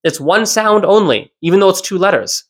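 Language teacher talking thru a podcast lesson, mid pitch, says stuff twice, lots of "can you hear it?" questions. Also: lively intonation, fairly quick, husky. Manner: explanatory, repeats key points, asks rhetorical questions. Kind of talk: solo educational podcast.

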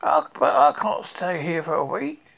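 A reader voicing a gentle, honey-loving male teddy bear in a storybook reading. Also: medium pitch, very animated, moderate pace, vocal fry. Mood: worried. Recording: lo-fi recording.

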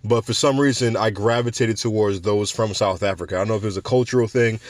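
A man's voice: fairly low pitch, fast, dry recording. A young man from New York hosting a podcast, rambling through casual stories with restarts and laughs. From New York City. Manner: rambling, animated storytelling with frequent restarts and laughs. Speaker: podcast host.

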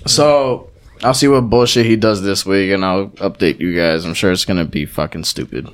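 A man's voice: sits low, moderate pace, clean tone. A young man co-hosting a podcast, telling a rambling story in casual chat, swearing often and acting out what other people said. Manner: animated storyteller, swears a lot, acts out quotes. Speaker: podcast co-host.

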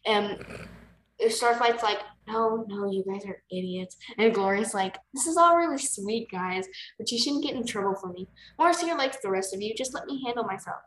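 A woman's voice: medium pitch, animated, normal speed, fairly bright tone, a little hiss or hum. A woman co-hosting a podcast, casually retelling book scenes and quoting the characters with "like". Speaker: podcast co-host. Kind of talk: casual book recap chat. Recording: echoey room.

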